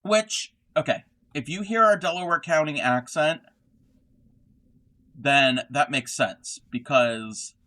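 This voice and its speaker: A man's voice: medium pitch, a bit bright. A middle-aged man who hosts a crochet livestream, rambling casually as he answers chat. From Baltimore area, Maryland. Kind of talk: casual live-stream chat.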